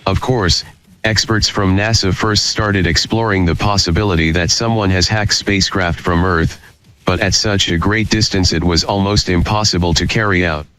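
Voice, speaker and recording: A man co-hosting a podcast, reading a news article aloud in a steady manner. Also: sits low, moderate pace, clean tone.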